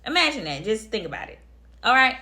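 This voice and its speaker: Bright, blunt woman telling a story. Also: on the high side, sing-song, fairly quick. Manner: emphatic, blunt, repeats phrases for effect; addresses viewers directly. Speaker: storytime vlogger. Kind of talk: casual storytelling to camera.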